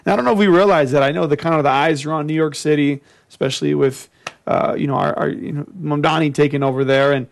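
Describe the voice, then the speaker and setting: A man hosting an interview, talking in a halting way with many fillers and restarts. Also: on the high side, steady tone, vocal fry. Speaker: host. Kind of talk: casual interview chat.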